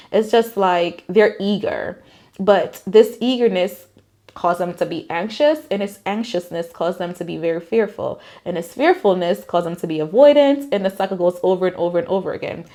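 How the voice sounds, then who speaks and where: A woman's voice: mid-range voice, moderate pace, warm tone. A woman giving a casual tarot card reading, talking in a reassuring, conversational way with many fillers. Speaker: tarot reader.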